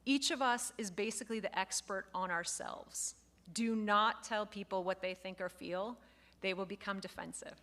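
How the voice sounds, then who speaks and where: A woman instructor giving a lively lecture to a live class, acting out example phrases as she goes. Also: medium pitch, moderate pace. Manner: lively, expressive, acts out quoted phrases.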